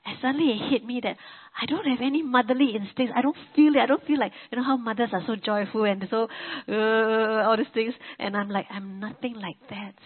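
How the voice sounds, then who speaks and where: A woman's voice: fairly high pitch, fairly quick, hardly any pauses, slightly rough. A woman preaching a sermon in a conversational, personal-testimony style, often saying "you know" and restarting her sentences. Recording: narrow phone-like sound.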